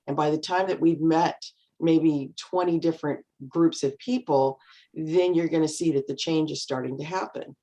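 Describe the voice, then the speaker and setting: A middle-aged woman talking as a guest, telling stories calmly and acting out the voices of people she quotes. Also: low-pitched, moderate pace, lo-fi sound. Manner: calm, anecdotal, acts out quoted voices. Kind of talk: casual storytelling chat.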